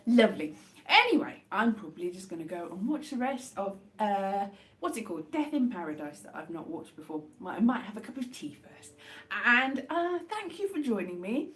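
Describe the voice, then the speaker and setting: A woman chatting casually on a live stream as she eats chocolates, rambling with wry, deadpan jokes. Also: medium pitch, moderate pace. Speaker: livestream host. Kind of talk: casual live chat while eating chocolates.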